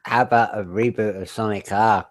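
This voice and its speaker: A man on a casual gaming podcast, teasing the others and talking excitedly about games. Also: on the low side, normal speed, a little hiss or hum. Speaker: podcast co-host. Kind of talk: casual group chat.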